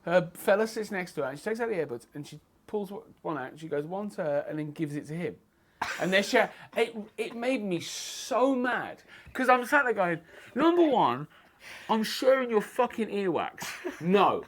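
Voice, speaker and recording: A man with a slightly raised pitch chats on a podcast. He is blunt and honest and swears without a second thought. He tells his stories with lively energy. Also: normal speed. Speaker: guest fight photographer. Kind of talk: casual podcast chat. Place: martial arts gym.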